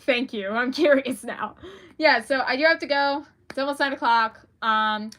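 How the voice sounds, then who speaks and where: Young female author, livestream host; higher-pitched, bright tone, laughs a lot, chatty and self-deprecating. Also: normal speed. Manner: giggly, rambling, self-deprecating. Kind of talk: casual livestream chat.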